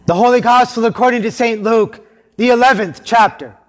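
A man reading the Gospel at a liturgy in a measured, solemn cadence. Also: very high voice.

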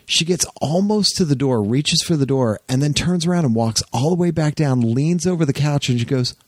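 A man hosting a podcast, chatting casually and retelling an anecdote with lively jumps into quoted voices. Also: normal speed, no echo. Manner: animated storyteller, jumps up in pitch for quoted voices. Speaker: podcast host.

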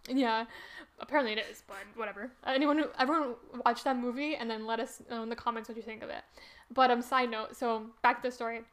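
A woman's voice: fairly high pitch, steady tone, fast, fairly bright tone. A woman co-hosting a podcast, telling a story in casual chat, rambling with many fillers and breaking into laughter. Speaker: podcast co-host.

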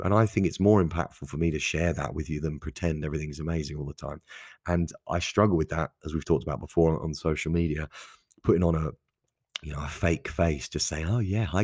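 A man's voice: fast, darkish tone, dry recording, studio quality. A man hosting a solo podcast, talking candidly and conversationally with frequent restarts and asides. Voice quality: gravelly, husky low voice. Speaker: podcast host. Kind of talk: casual solo podcast monologue.

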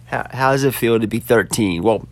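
A man in his thirties, a podcast host speaking sincerely and casually to his daughter, slightly halting at times. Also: medium pitch, no echo. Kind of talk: heartfelt birthday message and casual podcast chat.

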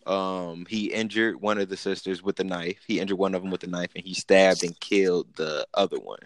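A man's voice: sits low, fairly even intonation, brisk, dry recording. A man co-hosting a podcast, talking in a slangy, laid-back way and laughing often. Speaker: podcast co-host. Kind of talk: casual chat.

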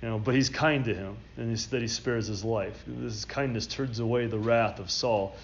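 Male pastor, mid-pitched, expository sermon with emphatic scripture reading, muffled lo-fi recording. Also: steady tone, moderate pace, slight background noise. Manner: reads scripture aloud with rising emphasis.

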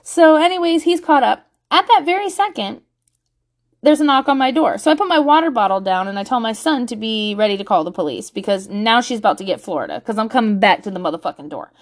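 A woman's voice: on the high side, fast talker. Blunt, profane woman telling a story. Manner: blunt, profane, animated storytelling with acted-out quotes. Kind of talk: casual storytelling.

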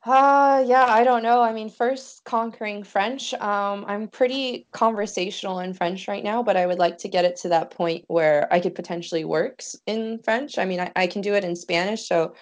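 A woman's voice: mid-range voice, normal speed, hardly any pauses. A woman in casual conversation, chatty and telling anecdotes with quoted dialogue. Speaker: conversation partner. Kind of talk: casual chat. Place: Montreal.

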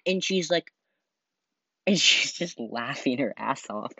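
A man's voice: fairly high pitch, normal speed, pushed and bright, no room sound. A tired young man chatting loosely on his own podcast, rambling and saying "like" a lot. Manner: rambling, heavy use of "like", trails off. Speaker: solo podcaster. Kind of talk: casual rambling chat. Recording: dull lo-fi dry recording.

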